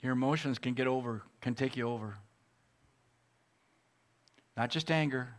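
A man who is a pastor, preaching a sermon and telling a personal story in an earnest, emotional way with pauses. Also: mid-range voice.

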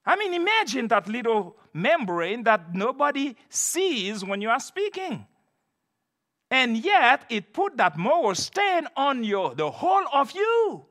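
A man's voice: very high voice, very animated, measured pace, sharp tone. A man preaching an expository sermon, emphatic and repeating key phrases for stress.

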